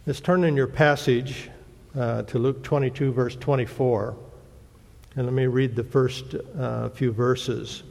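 A man gives a Bible lesson with a gravelly, creaky voice. He talks in a plain, halting way and keeps pausing on "uh" as he explains. His voice rings with a long reverb, as if he were in a large hall. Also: medium pitch, steady tone, darkish tone. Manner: plain, hesitant teaching with many "uh" fillers. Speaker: Bible teacher.

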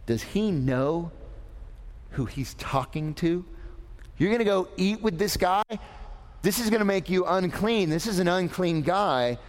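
A man's voice: high-pitched, expressive, unhurried, voice pushed up. A man playing a self-righteous townsman who grumbles in whiny, incredulous questions. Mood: indignant. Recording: long hall reverb.

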